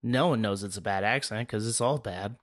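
A man's voice: fairly low pitch, brisk. A man co-hosting a podcast, joking around in casual banter. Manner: jokey, animated banter. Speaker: podcast co-host. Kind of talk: casual chat.

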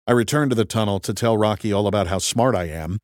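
A male narrator reading a first-person story with a low voice and a wry, methodical delivery. The recording is dry and close, with no room sound. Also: quick pace, dry recording. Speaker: audiobook narrator.

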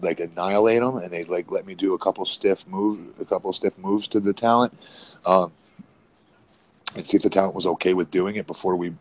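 A man's voice: low voice, darkish tone, rough recording. A man co-hosting a wrestling podcast, talking casually and rambling with many restarts. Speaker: podcast co-host, former independent wrestler.

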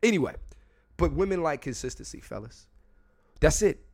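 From a room at home near a window, a podcast host talks straight to his listeners on his casual solo show, blunt and profane. His voice is a little high, gravelly and slightly mellow, swinging widely in pitch at a moderate pace, and he often repeats himself and starts over.

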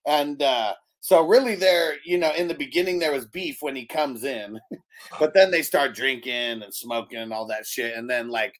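A man co-hosting a podcast, retelling a movie in a casual, animated way, laughing often and swearing freely. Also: medium pitch, moderate pace. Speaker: podcast host.

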